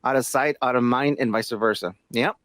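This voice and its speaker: Male podcast co-host, average pitch, dry close sound, halting delivery. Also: a bit bright, dry recording. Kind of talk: casual podcast banter.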